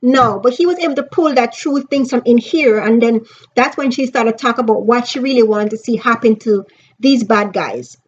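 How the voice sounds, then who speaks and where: A woman's voice: on the high side, moderate pace, husky, highs cut off. A woman and author giving an earnest, emphatic book review in a casual vlog, speaking straight to her viewers.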